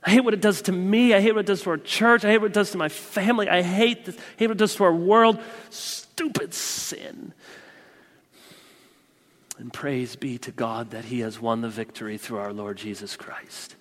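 Male pastor, 30s, lively sermon delivery, fairly high voice, long hall reverb. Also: brisk, hardly any pauses. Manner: animated, swings from loud proclaiming to quiet confiding.

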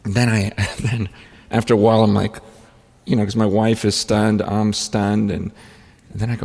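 A man preaching as a pastor, telling stories in an animated way with frequent restarts and stammers. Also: on the low side, normal speed, gravelly, long pauses, in a large hall. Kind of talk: storytelling sermon.

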